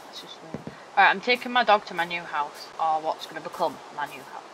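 Young woman, gaming stream chatter, lively pitch, noisy background. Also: brisk. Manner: playful, silly, excitable. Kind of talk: casual gameplay chatter.

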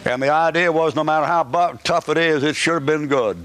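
Folksy joking preacher with a high voice. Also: male voice, brisk, a bit bright, slight background noise. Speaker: pastor. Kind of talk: live sermon to a congregation. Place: church service.

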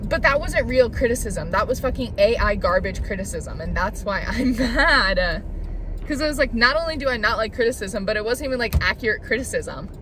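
A woman's voice: fairly high pitch, lively intonation, quick pace, few pauses, background noise. A college student in her early twenties, vlogging into a phone held at arm's length and venting with lots of swearing. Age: early 20s. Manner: frustrated ranting, swears often. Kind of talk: casual vlog to camera. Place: her car, then her apartment.

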